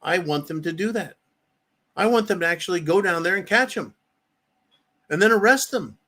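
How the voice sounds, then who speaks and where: A man's voice: sits high, expressive, moderate pace, pushed and bright. A middle-aged man hosting a political commentary show, ranting angrily with profanity and sarcastic mock quotes.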